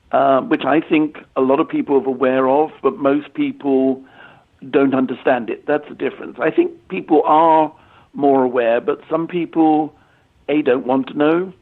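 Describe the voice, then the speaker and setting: An English man in his sixties, a medium, answering interview questions in a halting way, often repeating words and using fillers. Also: a little high, steady tone. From England. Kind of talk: conversational interview. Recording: tinny phone-line audio.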